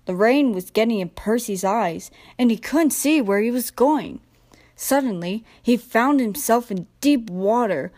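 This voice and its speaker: A young woman narrating a children's train storybook in a gentle, expressive read-aloud manner. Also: fairly high pitch, a little slow. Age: young adult. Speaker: storybook reader.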